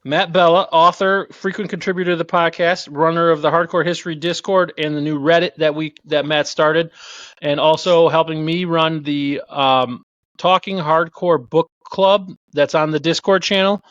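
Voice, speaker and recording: A man's voice: on the high side, fairly even intonation, normal speed, a bit bright, no echo. A man hosting a history trivia podcast, talking loosely with fillers and restarts. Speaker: podcast host. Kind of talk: casual podcast chat. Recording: dull, dry lo-fi sound.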